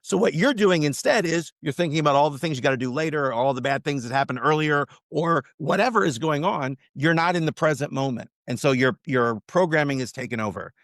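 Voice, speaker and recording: A man speaking as a podcast guest, teaching mindset in an emphatic, animated motivational way. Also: on the high side, brisk, few pauses, no room sound, clean studio sound. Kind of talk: casual podcast interview.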